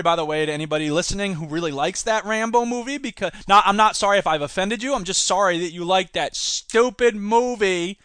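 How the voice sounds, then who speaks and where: A man's voice: high-pitched, lively intonation, a little fast, few pauses, sharp tone, no room sound. A man hosting a solo podcast, reading news and mocking it with sarcastic asides and put-on voices. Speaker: podcast host.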